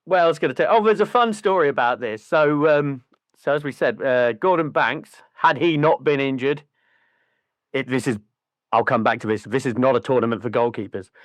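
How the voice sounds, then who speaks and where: A man's voice: mid-range voice, normal speed, no room sound. A man, co-hosting a podcast and telling stories in casual chat, swearing freely and doing voices. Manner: lively, profane storyteller doing voices. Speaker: podcast co-host.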